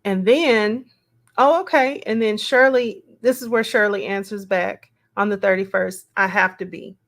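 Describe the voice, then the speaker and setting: Slow, musing woman reading messages aloud. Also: mid-range voice. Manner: slow, musing, reads quotes aloud with asides. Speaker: commentator reading text messages. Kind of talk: casual read-aloud commentary.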